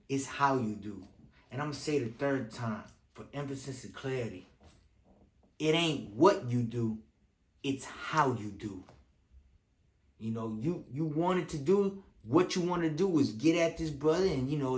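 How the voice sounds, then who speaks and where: A man's voice: mid-range voice, reverberant. A man giving casual video commentary, talking in streetwise slang and repeating lines for emphasis.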